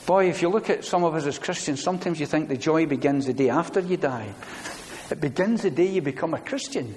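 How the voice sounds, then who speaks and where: A middle-aged man preaching a sermon, earnest, building to loud emphatic declarations with repeated phrases. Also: a little high, brisk. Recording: long reverb of a church hall.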